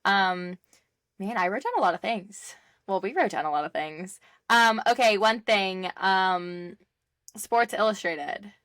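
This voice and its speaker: A woman's voice: mid-range voice, measured pace, fairly bright tone, dry recording, clean studio sound. A young woman co-hosting a casual podcast chat over a video call, chatty and full of fillers and laughs. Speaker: podcast co-host.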